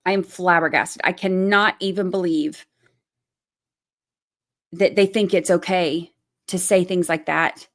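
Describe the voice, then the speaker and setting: A woman's voice: lowish voice, fairly even intonation, a little slow, pauses often. A woman hosting a livestream, giving heated commentary in blunt, profane language and repeating her points for emphasis. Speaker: channel host.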